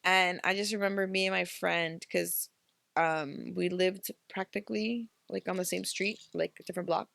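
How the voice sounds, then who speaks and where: Young woman podcast co-host, gravelly laid-back voice, dry close sound. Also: on the low side, fairly even intonation, normal speed, a bit bright, no echo. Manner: laid-back, swearing, trails off. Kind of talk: casual storytelling chat.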